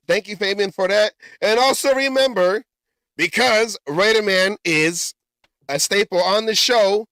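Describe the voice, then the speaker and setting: High, smooth-voiced man hosting sports talk. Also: a bit bright, no room sound, studio quality. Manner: rambling, stumbles and corrects himself. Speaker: podcast host.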